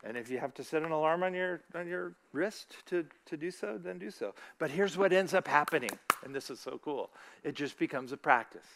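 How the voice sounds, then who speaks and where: A middle-aged man gives a relaxed, conversational sermon, often asking his listeners questions and quoting scripture from memory. His voice is bright and forceful, pitched a bit above the usual for a man. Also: a little fast, gravelly, slight background noise. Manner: chatty, asks the audience questions, recites scripture. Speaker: church speaker. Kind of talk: casual sermon talk.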